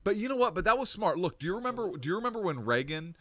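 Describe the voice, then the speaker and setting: A man hosting a casual political chat, animated and hesitant, trailing off into ums and restarts. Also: high voice, racing. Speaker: host.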